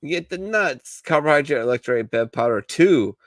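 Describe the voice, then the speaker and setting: A man's voice: a little high, lively intonation, fairly quick, no echo, clean studio sound. A man hosting a casual podcast, joking loosely and swearing often as he chats. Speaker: podcast host. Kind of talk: casual banter.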